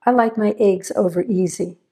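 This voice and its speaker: Woman reading hunted guy, curt and stern, mellow voice, kinda demanding. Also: mid-range voice, normal speed, soft background music, lightly acted. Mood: terse. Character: hunted man on the run, tense and stern.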